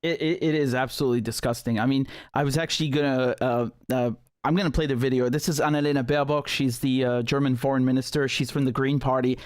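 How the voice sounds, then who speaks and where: A man's voice: medium pitch, steady tone, quick pace, few pauses. A man hosts an online interview in a casual, conversational way, often stumbling and restarting his sentences. His voice is recorded dry and close, with no room echo. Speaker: host.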